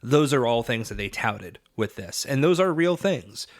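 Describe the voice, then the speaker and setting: A man's voice: mid-range voice, expressive, normal speed. A man co-hosting a film-history podcast in a casual, thoughtful way, with fillers now and then. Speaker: podcast co-host.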